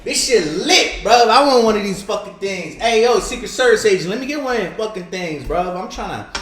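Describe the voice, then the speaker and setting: Man doing a brash, slangy president type, pitched way up and loud, echoey room. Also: expressive, brisk. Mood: hyped. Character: president as swaggering gun-loving man, male.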